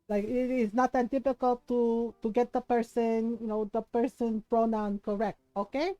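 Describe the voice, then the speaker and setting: A woman streamer chatting casually, telling a family story in an animated way and giggling often. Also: fairly high pitch, moderate pace, no room sound, faint music behind, poor audio. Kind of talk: casual chat while gaming.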